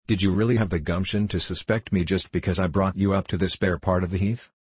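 A loud, triumphant master thief with a low, husky voice, as an audiobook reader puts him on. He mocks and crows with swaggering force, recorded dry and close. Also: steady tone, fast talker, no room sound. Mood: incredulous. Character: boisterous gloating master thief, large man. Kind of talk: audiobook character reading.

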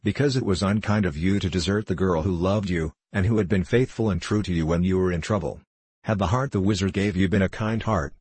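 A man's voice: low voice, darkish tone, breathy edge, dry recording. A man reading the lines of a curious, eager young boy wanderer in an audiobook, speaking frankly and asking questions.

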